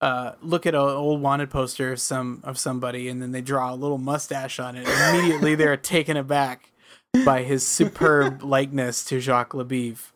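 A man's voice: medium pitch, flat delivery, moderate pace, fairly bright tone. A man co-hosting a casual podcast, making wry remarks and laughing mid-sentence. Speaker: podcast co-host. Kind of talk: casual chat.

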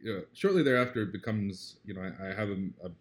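A man being interviewed, talking in an earnest, reflective way. He often checks in with "right?" and grows animated when he retells a story. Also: on the low side, quick pace. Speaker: interview guest. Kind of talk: casual conversational interview.

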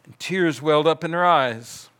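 A man preaching a sermon, telling a story in a measured way and dropping to soft, quiet passages. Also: on the high side, clean tone. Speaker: pastor.

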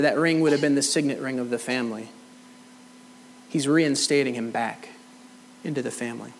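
A man's voice: mid-range voice, normal speed, creaky, long pauses, slight background noise, rough recording. A middle-aged man preaching a sermon, telling a personal story and acting out both sides of the conversation. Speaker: pastor. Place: church hall.

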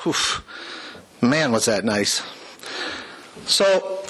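A man's voice: sits high, sing-song, normal speed, a bit bright, breathy edge, poor audio. A man giving a folksy, heartfelt personal testimony to a church congregation, with small jokes along the way. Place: church sanctuary, before the congregation.

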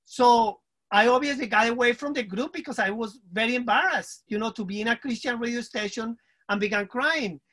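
A man's voice: very high-pitched, brisk, bright, forceful tone. A man recounts a personal testimony in earnest, emphatic English. He keeps turning to his listeners to check that they are following. The delivery is heartfelt and conversational. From Colombia. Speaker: guest sharing a personal testimony. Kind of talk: spoken testimony at a Q&A.

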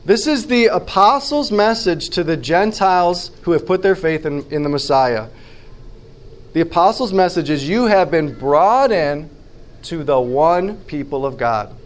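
High-voiced emphatic male preacher. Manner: emphatic, slows down to stress key phrases; conversational, asks the listeners rhetorical questions. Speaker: pastor. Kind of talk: sermon.

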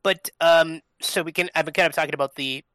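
Guy on a podcast rambling through an explanation, kinda high bright voice, lots of "you know" and cussing. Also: steady tone, a little fast, dry recording. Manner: explains at length, loose and profane, with many fillers. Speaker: podcast co-host. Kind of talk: casual chat.

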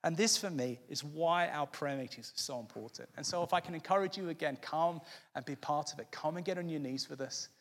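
A man's voice: fairly high pitch, brisk, big-room sound. A man preaching an impassioned sermon as pastor of his church, earnest and fervent, often restarting his phrases.

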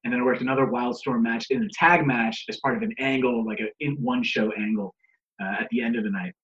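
Guest man, casual storyteller, curses freely, laughs a lot, acts out quotes; muffled lo-fi recording, average pitch. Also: quick pace, fairly bright tone. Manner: profane, laughing, acts out others' lines. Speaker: guest, pro wrestler.

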